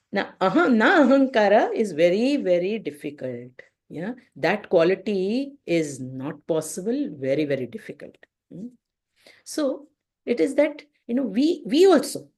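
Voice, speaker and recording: Indian lady teaching a devotional class over a video call, storytelling, mid pitch. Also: darkish tone. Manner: storytelling, acts out voices, frequent "you know" fillers.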